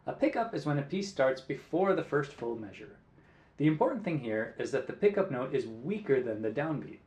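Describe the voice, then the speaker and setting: A male guitar teacher walks through rhythms, counting the beats aloud in a clear, patient voice. His pitch moves about a lot as he stresses each syllable. The recording carries a noticeable room echo. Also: a little mellow. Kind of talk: music lesson. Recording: roomy echo.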